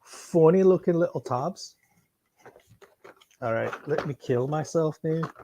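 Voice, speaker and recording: A man chatting casually on a live stream while unboxing, excitable and rambling, swearing freely. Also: fairly high pitch, slow pace, noisy background. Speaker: streamer unboxing and answering chat.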